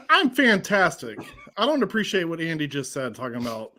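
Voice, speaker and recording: A man co-hosting a casual podcast, loud and exuberant in his banter. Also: a little high, huge pitch swings, moderate pace. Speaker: podcast co-host. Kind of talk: casual chat.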